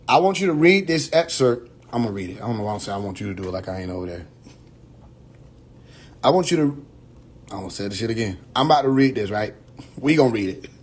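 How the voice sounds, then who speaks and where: Male livestream host, rambling and profane, mid pitch. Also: slightly rough. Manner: loose, rambling, profane, with quick asides and laughs. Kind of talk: casual livestream talk.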